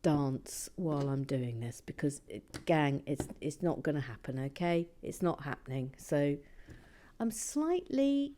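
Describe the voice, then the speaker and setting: Woman host, casual build chat, lowish voice, slow pace, whispers to herself. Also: expressive, dark tone. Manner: muttering and whispering to herself while concentrating. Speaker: vlog host building Lego.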